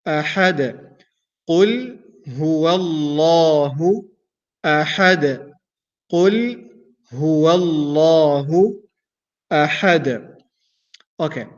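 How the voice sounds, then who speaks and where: A man, an imam, teaching Quran recitation patiently, repeating each sound several times with some hesitant fillers. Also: fairly high pitch. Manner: hesitant fillers between explanations. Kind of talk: slow, repetitive recitation lesson. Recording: dull lo-fi recording.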